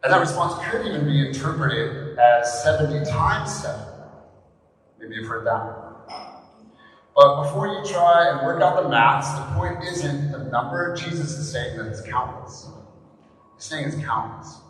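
A man's voice: a little high, lively intonation, unhurried, fairly bright tone. A man, a pastor giving a candid, conversational sermon with rhetorical questions. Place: church service in a large echoing hall. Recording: echoey hall, distant mic, faint room noise.

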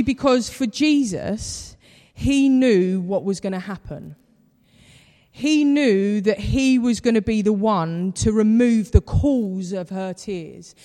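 A preacher delivers a sermon in a warm storytelling manner. The voice sits in a middle register. A long reverb from a large hall trails each phrase. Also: mid-range voice. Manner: conversational storytelling, acts out quoted voices.

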